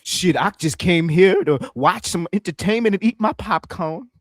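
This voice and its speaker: A man's voice: high-pitched, animated, moderate pace, dry recording, clean studio sound. A man doing casual live-stream reaction commentary, loose and profane, often mimicking the voices in the clips he plays.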